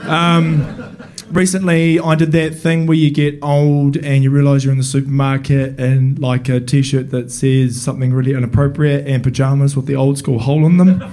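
A man's voice: mid-range voice, little pitch movement, normal speed, mellow. A man telling a stand-up comedy story in a rambling, wry, self-deprecating way.

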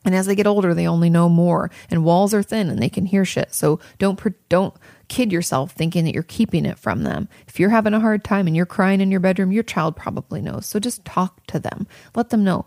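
A candid woman therapist hosts a casual advice podcast. Her voice sits fairly low, with a gravelly fry running through it, and the sound is close and dry. She swears without hesitation and wanders off on tangents. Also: fairly quick, a little mellow, dry recording. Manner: candid and frank, swears freely, drifts into tangents.

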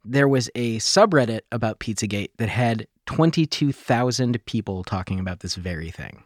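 A man of middle pitch, explaining in an earnest, slightly apologetic way as a podcast co-host. His voice sits close and dry, with no room around it. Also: expressive, moderate pace, no room sound. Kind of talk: casual explanation.

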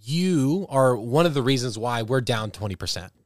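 A man improvising a pushy, upbeat publicist for bears, coaxing in a pleading sales-pitch tone. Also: expressive, moderate pace, a little mellow, no room sound, clean studio sound, close to an everyday voice. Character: fussy male bear team publicist, pushy and upbeat.

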